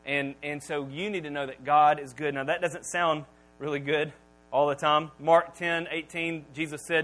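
High, bright-voiced male preacher. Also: normal speed, rough recording. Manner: animated, swings from loud emphatic lines to quiet asides. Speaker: pastor. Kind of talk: sermon.

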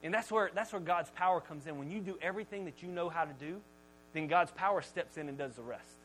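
Lively male pastor, high voice, storytelling sermon. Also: quick pace, a little hiss or hum, low-quality recording. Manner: animated storytelling, jokey.

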